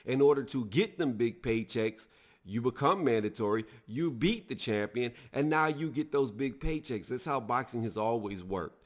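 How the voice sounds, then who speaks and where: A man giving blunt, heated opinion commentary on a sports news story, talking casually to his viewers. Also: mid-range voice. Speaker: boxing video reviewer.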